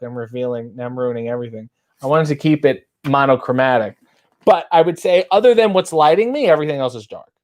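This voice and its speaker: A man hosting a casual livestream, reading viewer comments aloud and riffing on them in a dry, wry way. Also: on the high side. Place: dark room with a black backdrop.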